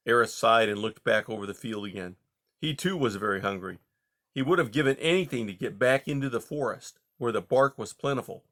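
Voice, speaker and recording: A man narrating a children's novel in a steady, measured reading style. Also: medium pitch. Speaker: audiobook reader. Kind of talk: storybook narration.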